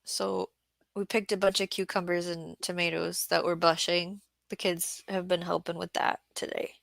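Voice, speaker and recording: A woman's voice: lowish voice, little pitch movement, moderate pace, vocal fry, a bit bright, dry recording. A woman hosting a casual livestream about market gardening, chatting and reading viewer comments aloud.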